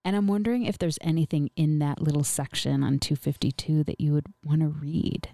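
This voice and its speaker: Deep-voiced woman interviewer, dry sound. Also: fairly even intonation, a little fast, gravelly, warm tone, dry recording. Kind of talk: interview conversation.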